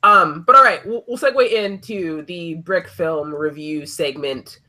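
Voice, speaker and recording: A man hosting a casual podcast, his voice bright and a touch high. He rambles through his points with lots of fillers and restarts, in a relaxed group-chat style. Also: measured pace. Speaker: podcast host.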